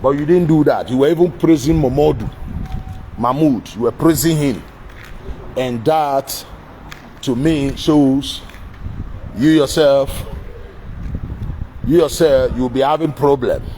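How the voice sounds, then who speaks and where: A man's voice: mid-range voice, slow, pauses often, mellow, a little hiss or hum, low-quality recording. Blunt Nigerian man lecturing the president. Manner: blunt, repetitive, addressing the president directly. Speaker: political commentator. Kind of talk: direct-address political monologue.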